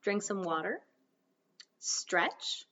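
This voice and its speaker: A woman hosts a solo podcast, chatty and self-deprecating as she coaches her listeners. Her voice sits at a middling pitch and seems a little off the mic. The recording sounds dull and muffled. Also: big pitch swings, drawn-out words, bright, forceful tone, recorded from a distance. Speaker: podcast host. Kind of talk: casual solo podcast talk.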